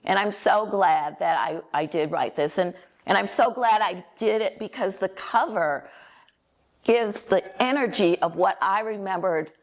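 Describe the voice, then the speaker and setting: Slow-spoken older woman with a tired voice. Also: mid-range voice. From Minnesota, USA. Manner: unhurried, chatty, laughs often. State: slightly cracking, tired voice. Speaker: author reading and answering questions. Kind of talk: conversational Q&A answers. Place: museum event room.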